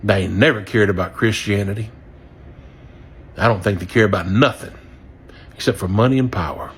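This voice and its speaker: A man from near Memphis, ranting angrily and profanely, his voice swinging between loud outbursts and low mutters. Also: normal speed, a little hiss or hum. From Southern US, near Memphis. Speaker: regretful voter. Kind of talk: angry direct-to-camera rant.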